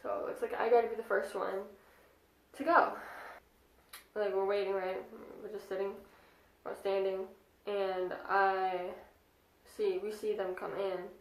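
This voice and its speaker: A young woman in her twenties telling a casual storytime vlog, chatty and excitable with lots of fillers. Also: medium pitch, measured pace. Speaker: vlogger. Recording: echoey room.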